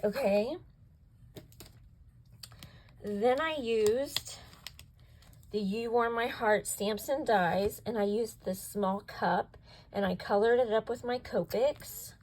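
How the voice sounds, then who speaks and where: A woman's voice: fairly high pitch, slow pace, long pauses, a little mellow, slight background noise, poor audio. A woman hosting a craft video, walking through her projects step by step and gushing over how cute each one turned out. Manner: gushing, keeps asking if it's cute. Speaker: craft channel host. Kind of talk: craft project show-and-tell.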